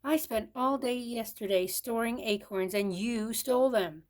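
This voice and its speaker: A woman's voice: on the high side, measured pace, close to an everyday voice. Burl Squirrel, an indignant squirrel, read by a grandmother. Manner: shouting, indignant. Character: busy male squirrel acorn gatherer.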